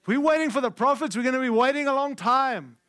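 A man preaching a conference sermon, emphatic and candid, shifting between loud declarations and hushed lines. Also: very high-pitched, animated, quick pace, clear, resonant tone, no echo. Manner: candid and conversational.

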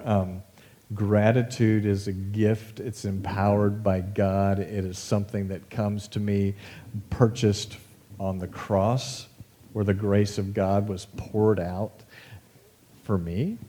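Low, mellow-voiced man preaching casually. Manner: conversational, folksy, with asides and fillers. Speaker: pastor. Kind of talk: casual sermon.

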